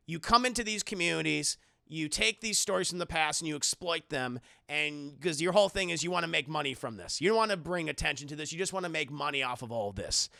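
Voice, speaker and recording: A man's voice: on the high side, expressive, fast talker, vocal fry, hardly any pauses, bright, forceful tone, no echo, studio quality, heavily acted. A man playing a caustic, sneering woman art critic while recapping a film. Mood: scornful. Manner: sneering, dismissive.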